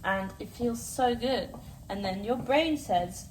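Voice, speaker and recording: A woman's voice: fairly high pitch, animated, unhurried. A young woman guest, playful and giggly, bantering while cooking in a home kitchen. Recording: distant camera mic with noise.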